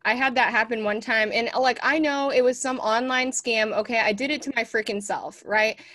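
A woman co-hosts a podcast in a blunt, casual way, swearing freely as she tells a story. Her voice sits a little high and sounds dry and close. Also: steady tone, normal speed, fairly bright tone, dry recording. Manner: blunt, swears, acts out her own angry quotes. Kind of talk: casual chat.

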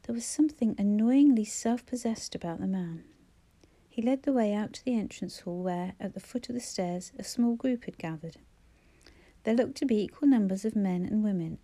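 A woman reading a novel aloud in measured, expressive scripted narration. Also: medium pitch. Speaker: audiobook narrator.

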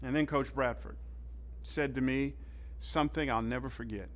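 Animated, forceful preacher, a man. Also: medium pitch, normal speed. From southern United States (Atlanta). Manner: animated storyteller, acts out quotes, swings from loud to hushed. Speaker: pastor. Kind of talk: sermon.

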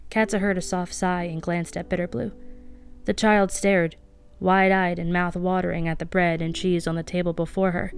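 A woman reading a novel aloud as a podcast host, soft-spoken and lightly voicing the characters. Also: fairly low pitch, little pitch movement, normal speed, vocal fry, soft background music. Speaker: audiobook reader.

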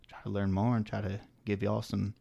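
Man, southern american accent, gravelly, fairly low, flat delivery, rambling with fillers, podcast co-host. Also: fairly quick, dry recording, lo-fi sound. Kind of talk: casual podcast chat.

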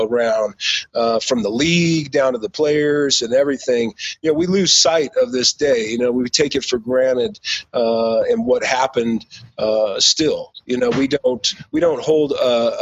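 A man recounts his playing days in a blunt, profane, meandering way, full of fillers. His voice is husky and breathy, at an ordinary pitch. The sound is dry and a bit muffled. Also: dry recording. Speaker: guest, former pro football player. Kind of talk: casual storytelling.

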